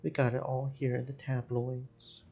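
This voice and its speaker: Man voicing a newsboy, salesman patter, gravelly, game. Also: medium pitch, completely flat delivery, moderate pace, lo-fi sound, slight background noise, natural voice. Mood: eager. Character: eager newsboy selling lurid papers.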